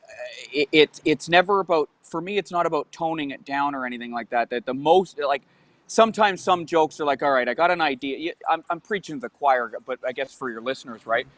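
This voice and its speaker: Canadian comedian guy rambling and stammering, kinda high voice, dry close sound. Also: expressive, fairly quick, dry recording. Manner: rambling, stammering and self-deprecating. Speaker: guest comedian. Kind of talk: podcast chat.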